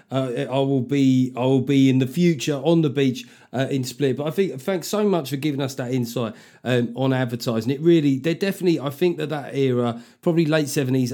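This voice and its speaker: A man's voice: medium pitch, mellow. A man hosting a podcast, chatting casually and reading out listener reviews with sweary, self-mocking asides. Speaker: podcast host.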